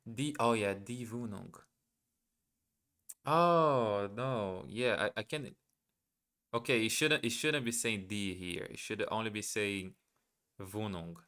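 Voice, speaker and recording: A man talks unhurriedly into a desk mic on a live stream, working through practice words and repeating them to himself. His tone is bright and a little tense, and he often stops mid-thought to question himself. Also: lowish voice, slow pace, long pauses, clean tone. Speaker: live streamer learning German. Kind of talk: casual live stream, thinking aloud.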